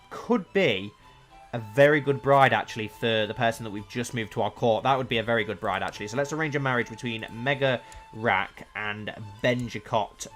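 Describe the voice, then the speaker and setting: Chatty man narrating a strategy game. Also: mid-range voice. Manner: chatty, thinking aloud, easily excited. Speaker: let's play streamer. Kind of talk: casual gameplay commentary.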